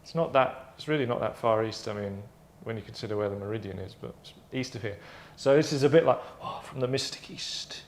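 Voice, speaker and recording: This host has a lowish voice and talks fast, barely pausing as he lays out a game idea of his own. It's a casual, meandering monologue on his own show, peppered with asides and self-corrections, recorded in an echoey space.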